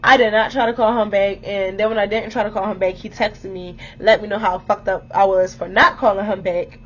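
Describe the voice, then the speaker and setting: A young woman vlogger telling a story to her viewers in a blunt, animated way, swearing freely and speaking to them directly. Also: mid-range voice, brisk, highs cut off, a little hiss or hum. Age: young adult.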